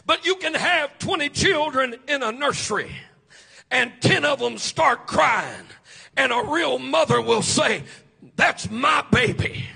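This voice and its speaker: A man's voice: very high-pitched, lively intonation, unhurried, vocal fry, bright, forceful tone, slightly rough. A man preaching a Pentecostal sermon, chanting his phrases with "uh" breaths between them.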